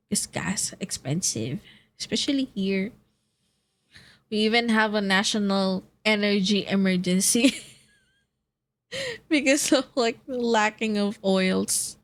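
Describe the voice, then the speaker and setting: A sleepy young woman from the Philippines, streaming and chatting casually, rambling, yawning, laughing often and swearing. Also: medium pitch. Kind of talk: casual chat.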